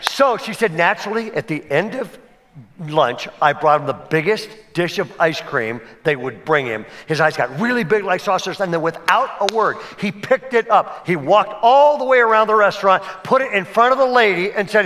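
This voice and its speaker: A male pastor preaching a sermon, telling a story with acted-out voices and lively delivery. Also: high-pitched, moderate pace. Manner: animated storytelling, acts out voices in anecdotes. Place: church sanctuary.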